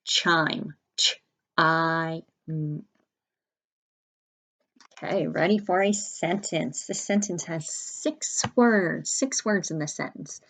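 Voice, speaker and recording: A woman's voice: sits low, slow, fairly bright tone. A woman teaching a spelling lesson to young children, carefully sounding out letters and words at a whiteboard. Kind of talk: early-grade spelling lesson.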